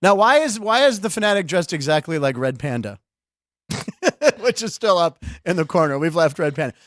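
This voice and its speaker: Man, middle-aged, podcast host, high-pitched, jokey banter, dry studio sound. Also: very animated, normal speed, a bit bright, dry recording. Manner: jokey, laughs often, riffs loosely. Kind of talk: casual sports chat.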